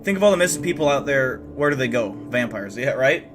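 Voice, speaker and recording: A man's voice: mid-range voice, lively intonation, fairly quick, over music. A tired young man hosting a livestream, chatting casually with viewers in a rambling, profane way, full of restarts. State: tired, yawning. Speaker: livestream host. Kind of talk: casual chat, reacting to viewer messages.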